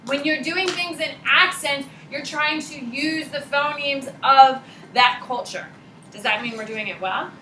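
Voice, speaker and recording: A woman teacher giving a jokey, animated classroom lecture to her students. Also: high-pitched, a little slow. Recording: echoey classroom with background noise.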